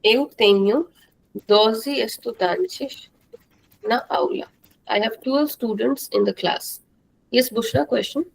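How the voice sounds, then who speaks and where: A woman teaching a live online language class, slow and patient, repeating words for the students to drill. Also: fairly high pitch, vocal fry, husky, poor audio.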